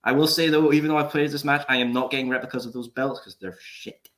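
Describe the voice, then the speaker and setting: A man's voice: mid-range voice, steady tone, fast talker, a bit bright. A man on a casual podcast who jokes, swears freely and hams up mock drama. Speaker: podcast co-host. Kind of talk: casual chat.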